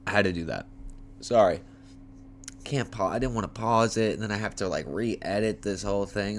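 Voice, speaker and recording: A man hosting a homemade fight-picks preview, talking in a lively, profane, joking way while tired and yawning late at night. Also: lowish voice, moderate pace, a little hiss or hum. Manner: animated, profane, playful trash talk. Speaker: MMA fight picks host. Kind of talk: casual fight preview talk. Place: homemade setup.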